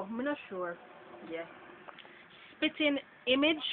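A woman's voice: mid-range voice, lively intonation, moderate pace. Jamaican woman with a tinny, phone-like sound. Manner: casual, chatty, laughs between words. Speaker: vlogger. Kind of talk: accent tag word reading. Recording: tinny phone-like audio with faint noise.

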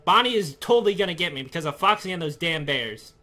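A let's play gamer giving horror game commentary, talking to the game's figures and bursting into scared yells. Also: medium pitch, animated, fast talker.

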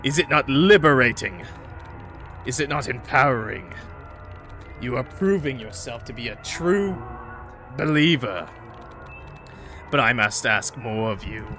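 A man's voice: mid-range voice, animated, unhurried, long pauses, pushed and bright, faint music behind. A man reading out a game's demanding male cult god in a grave, commanding tone. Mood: solemn.

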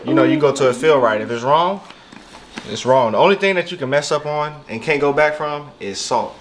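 A man's voice: mid-range voice, animated, fairly quick, crowd noise. A man hosting a casual cooking vlog in a home kitchen, laid-back and slangy, talking to viewers as "y'all". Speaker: vlog host cooking fish.

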